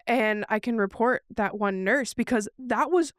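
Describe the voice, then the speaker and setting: A woman co-hosting a casual podcast, her voice sitting a little high. She tells a shaken personal story in an animated way, slipping into the voices of the people she quotes. The sound is dry, with no room around it. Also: a little slow, smooth, no room sound. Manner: animated, acts out what others said. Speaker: podcast co-host.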